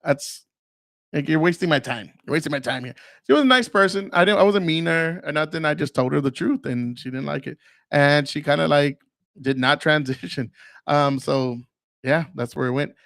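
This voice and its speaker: Male podcast host, pitched a bit high, crude and blunt, mimics others in his stories; dry, close sound. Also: moderate pace, vocal fry, a bit bright, dry recording. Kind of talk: casual monologue.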